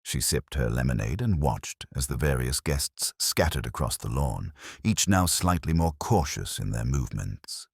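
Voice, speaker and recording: A man narrating a village mystery story in a measured, expressive storytelling manner. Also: rumbling low, slightly rough, no echo, clean studio sound.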